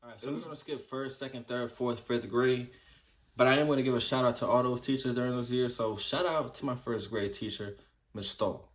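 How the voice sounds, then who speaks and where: A vlogger in his thirties from New Jersey, USA, tells childhood stories in a laid-back, rambling style, swearing freely. His mid-range voice holds a steady tone at a slightly fast pace.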